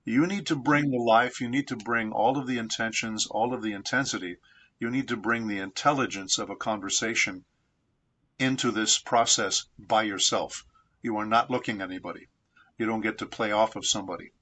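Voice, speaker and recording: Bright-voiced man telling studio stories. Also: lowish voice. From San Diego, United States. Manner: measured, reflective storyteller. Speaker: voice actor guest. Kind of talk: anecdotal interview storytelling.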